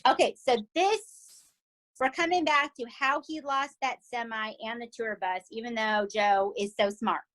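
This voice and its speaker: A woman with a Southern US accent, co-hosting a podcast and recapping a TV series in animated, emphatic casual chat. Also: fairly high pitch, measured pace, rough recording. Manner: animated and emphatic, often asking "right?". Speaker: podcast co-host.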